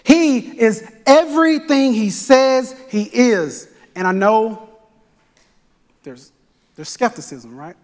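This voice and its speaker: A man's voice: very high-pitched, animated, takes it slowly. A male pastor preaching a sermon in a church sanctuary, with rhythmic, repetitive phrasing and call-and-response. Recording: echoey church hall.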